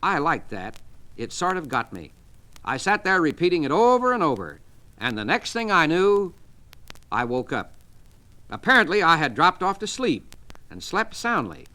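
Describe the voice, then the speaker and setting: A man's voice: fairly high pitch, big pitch swings, normal speed, long pauses, sharp tone. A man voicing a kindly businessman earnestly telling a colleague about his own experience. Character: kindly, calm middle-aged businessman.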